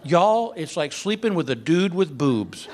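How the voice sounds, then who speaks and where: The background is noisy as an older male comic, his pitch fairly high and pace measured, works a club stage. He tells lively stories with put-on exasperation.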